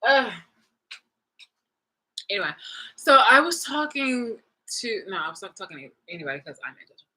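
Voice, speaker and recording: Woman vlogger, bright edgy tone, loose profane storytelling to camera. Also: mid-range voice, fast talker, breathy edge, rough recording. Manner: profane, animated, retelling a clip with laughs. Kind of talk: casual rambling monologue.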